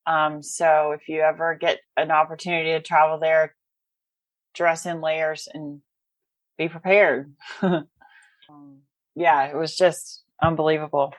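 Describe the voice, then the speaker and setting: A woman's voice: sits low, flat delivery, unhurried, pauses often, dry recording. A woman with a Southern US accent chatting casually in a recovery podcast, with many ums and easy laughter. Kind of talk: casual chat.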